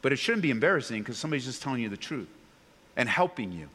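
A man preaching a sermon to a congregation, animated, swinging between loud excited bursts and low earnest tones. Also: racing, husky. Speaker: pastor. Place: church sanctuary before a congregation. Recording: long reverb of a large hall.

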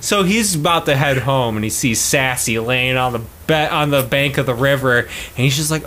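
A man with a somewhat high voice talks casually on a podcast, recapping a film. He is loose and profane and keeps dropping into short character voices. A faint hiss sits under the recording. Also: a bit bright. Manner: loose, profane, acts out characters in quick bits. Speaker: podcast co-host. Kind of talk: casual chat recapping a movie.

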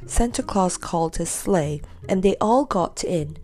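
Expressive woman reading a storybook. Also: on the low side, measured pace.

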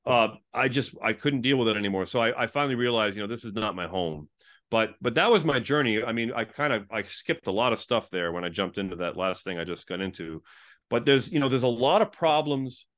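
A middle-aged man, a former pastor, telling his story as a guest in a conversational interview, animated and full of restarts. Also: medium pitch. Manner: animated, frequent restarts, acts out quoted exchanges.

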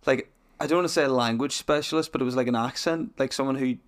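A man's voice: mid-range voice, quick pace. A young man hosting a podcast in casual chat, with an ordinary mid-range voice. He rambles loosely and keeps restarting his sentences, tripping over himself as he goes. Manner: rambling, restarts a lot, chatty. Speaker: podcast host.

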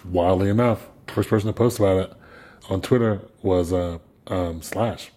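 A man with a somewhat low, husky voice tells anecdotes in a relaxed conversation. He laughs often and restarts his sentences as he goes. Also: normal speed. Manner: animated storyteller, laughs a lot, repeats words. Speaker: guest musician. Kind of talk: casual storytelling chat.

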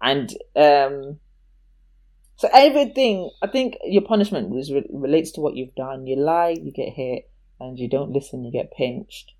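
Woman, casual storytelling, animated, acts out voices, laughs a lot. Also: very deep voice, moderate pace.

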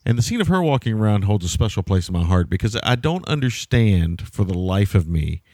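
A man co-hosting a podcast, retelling a movie scene in a rambling, animated way. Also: on the low side, fairly quick, no echo. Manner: rambling, animated storytelling with swearing. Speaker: podcast co-host. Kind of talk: casual movie review chat.

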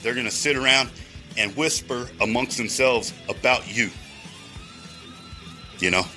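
A man's voice: medium pitch, unhurried, pushed and bright, soft background music. A man in a rambling, profane monologue, going off on tangents and talking straight to his listeners. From Texas. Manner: heavy swearing, rambling tangents, addresses listeners directly.

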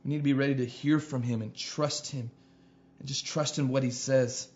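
A man's voice: medium pitch, fairly even intonation, moderate pace, darkish tone. A man preaching a sermon as pastor, earnest, repeating phrases and building to emphatic peaks. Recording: dull lo-fi sound.

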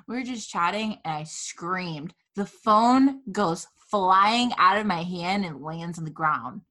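Woman host, casual storyteller, dramatic and profane, bright, forceful voice. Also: lowish voice, animated, slow pace. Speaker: podcast host.

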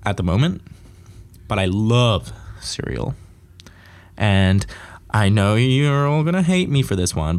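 Rambling, cussing podcast host. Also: male voice, on the low side. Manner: rambling, profane, jokey. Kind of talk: casual solo podcast rant.

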